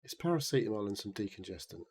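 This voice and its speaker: A man co-hosting a gaming podcast, unwell and short on sleep, chatting casually with lots of swearing in a low, mumbly way. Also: animated, fast talker, darkish tone, slightly rough. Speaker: podcast co-host. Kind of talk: casual chat.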